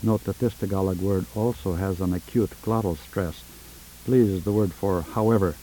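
A man with a deep, mellow, very dark voice speaks in a measured and precise way. He leads a formal phonetic session. The sound is that of an old 1970s tape recording. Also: steady tone, slight background noise, poor audio. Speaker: linguist interviewer.

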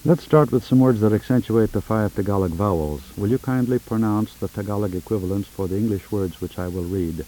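Measured man on old 1970s tape. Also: lowish voice, warm tone, slight background noise, low-quality recording. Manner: measured, precise. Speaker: linguist interviewer. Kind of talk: formal phonetic elicitation.

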